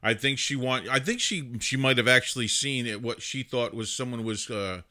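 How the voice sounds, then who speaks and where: A man's voice: mid-range voice, normal speed, sharp tone. A man hosting a livestream, commenting casually on news clips in a chatty way with plenty of fillers and restarts. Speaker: livestream host.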